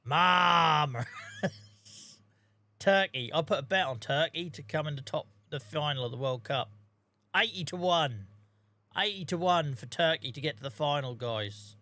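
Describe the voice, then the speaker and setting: A man's voice: on the high side, expressive, normal speed, bright, forceful tone. A man with a Norfolk accent chatting casually to his viewers while he plays a game, swearing freely and greeting people by name. He sounds tired and sore. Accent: Norfolk English. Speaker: game streamer. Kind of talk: casual live-stream chat while playing.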